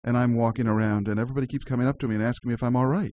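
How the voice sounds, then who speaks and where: A man's voice: mid-range voice, steady tone, racing, warm tone, dry recording, lo-fi sound. Friendly male radio host, casual chat with frequent laughs. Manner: chatty, laughs easily, restarts often.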